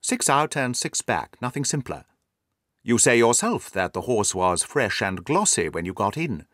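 A man reading the lines of a calm, quietly confident detective in a storybook. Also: medium pitch, moderate pace, no room sound, clean studio sound. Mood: assured. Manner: quiet and assured.

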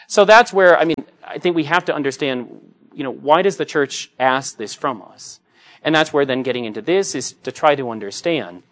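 A man's voice: on the high side, expressive, moderate pace, fairly bright tone. A middle-aged man, a Catholic priest, giving a conversational homily full of joking anecdotes. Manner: anecdotal and joking, acts out quoted voices.

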